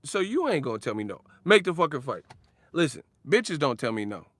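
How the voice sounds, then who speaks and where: Male vlogger, casual profane boxing rant, very animated delivery, dry close-miked sound. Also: fairly high pitch, a little fast, no room sound. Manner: animated, profane, laughs often, mocks others with sudden shouts. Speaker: boxing commentator. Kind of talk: casual ranting commentary.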